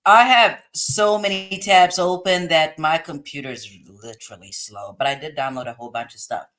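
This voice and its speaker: A woman's voice: low-pitched, normal speed, a bit bright. A woman hosting a casual live stream, reading chat comments aloud and laughing often as she chats.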